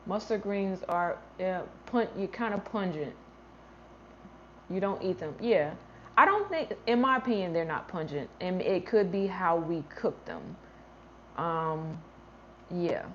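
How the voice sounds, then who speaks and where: A woman's voice: fairly low pitch, unhurried, a little hiss or hum. Chatty woman hosting a garden livestream. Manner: chatty, thinks aloud, trails off and restarts. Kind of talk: casual livestream chat, answering viewer comments. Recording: slightly dull lo-fi livestream audio.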